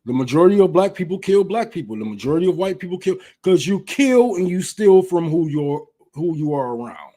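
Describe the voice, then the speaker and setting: A young man from Detroit hosts a livestream and rants in a blunt, heated, profanity-laden way. His voice sits high for a man, and he talks fast and loose like casual talk among friends. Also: big pitch swings, warm tone. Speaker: livestream host.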